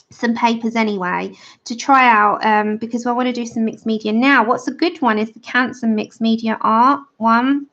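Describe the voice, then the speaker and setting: A woman's voice: on the high side, vocal fry, a bit bright. A woman hosting a casual livestream, chatting and greeting viewers by name as she colours. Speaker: livestream host of a colouring channel. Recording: dull lo-fi stream audio.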